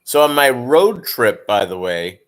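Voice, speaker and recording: A man's voice: mid-range voice, very animated, unhurried. A man who breeds fish, chatting casually and rambling on his live stream and calling viewers "gang".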